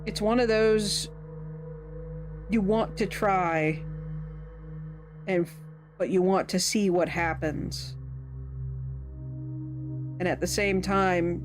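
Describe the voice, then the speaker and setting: A woman streaming a game, reading its text aloud and telling stories in a chatty, animated way. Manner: chatty, animated storytelling with sudden pitch jumps. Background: background music.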